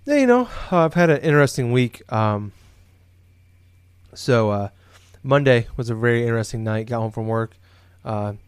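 A podcast co-host spins a story in casual chat, rambling and full of fillers and restarts, recorded indoors in his home office. His mid-range, smooth voice has lively intonation at normal speed. The sound is dry, close and echo-free.

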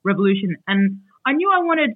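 A woman in her thirties talks easily as a guest author, full of fillers. Her voice comes through a little husky. The video call audio sounds tinny and narrow. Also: medium pitch, brisk, dry recording. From Australia. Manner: chatty, many fillers, animated when retelling. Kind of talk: casual interview over video call.

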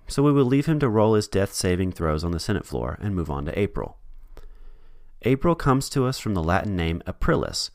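A man's voice: sits low, no room sound, studio quality. A man hosting a podcast, reading a scripted history narration with wry, joking asides. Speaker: podcast host.

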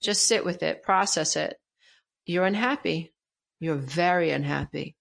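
A woman's voice: low-pitched, a little slow, vocal fry, a bit bright. A middle-aged woman, a guest coach in an interview, talking emphatically and repeating her key phrases with animation. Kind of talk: interview conversation.

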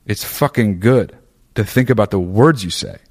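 A man's voice: fairly low pitch, normal speed. A man talking to listeners in a casual monologue, profane and opinionated, rambling through fillers and restarts.

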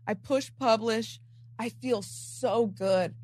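High-voiced young woman telling a story. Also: slow. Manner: animated, laughing, quoting herself; slangy and profane. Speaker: content creator. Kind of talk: casual storytelling.

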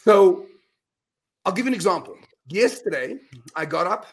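A middle-aged man speaking as a guest on an interview podcast. He talks in an emphatic, earnest way, with quick restarts and repeated words. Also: high voice, lively intonation. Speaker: guest speaker on mind power. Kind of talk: animated storytelling in a podcast interview.

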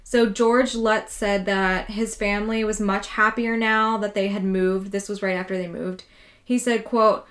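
A woman's voice: mid-range voice, flat delivery, a little slow, fairly bright tone. A woman co-hosting a podcast, casually telling a true haunting story, peppered with "like" and swearing. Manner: casual, swears freely, lots of "like".

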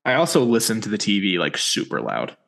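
A man's voice: lowish voice, huge pitch swings, brisk, gravelly, fairly bright tone. A man co-hosting a podcast, recapping a TV episode in casual chat with sarcastic asides. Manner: wry, sarcastic asides while summarizing.

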